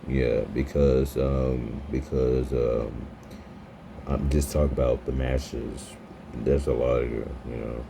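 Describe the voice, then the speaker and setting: A man in his twenties chatting with an AI character, halting and stammering and repeating his words. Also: a bass voice, level tone, gravelly, noisy background. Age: 20s. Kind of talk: casual chat with an AI character.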